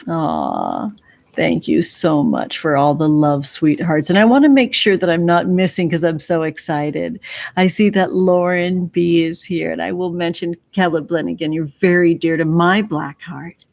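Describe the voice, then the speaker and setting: A woman hosting a casual tarot livestream, greeting viewers one by one with effusive, affectionate warmth and calling them sweetheart. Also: lowish voice, animated, unhurried, gravelly. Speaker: livestream host, tarot reader.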